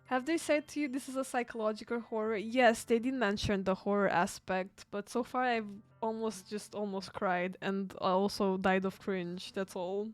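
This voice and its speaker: A woman's voice: mid-range voice, steady tone, normal speed, hardly any pauses, no room sound, faint music behind. A woman streamer reacting to a game and pleading with her chat, often laughing and exasperated. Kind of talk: live game commentary.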